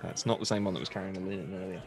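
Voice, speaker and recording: A man acting as game master for a tabletop role-playing game, quick with rulings and laughing often. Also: deep voice, fairly even intonation, gravelly, a crowd in the background.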